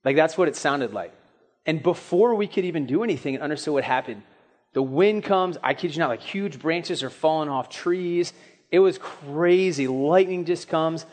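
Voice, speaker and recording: A young man preaching a sermon in a casual, storytelling way, acting out quick asides and questions. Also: fairly high pitch, a little mellow. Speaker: pastor.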